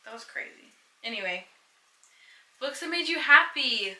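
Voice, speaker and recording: A woman's voice: high-pitched, expressive, unhurried, pushed and bright, reverberant, slight background noise, rough recording. A young woman chatting casually on a book vlog, teasing her friend and prompting the questions. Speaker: book vlogger. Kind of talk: casual chat.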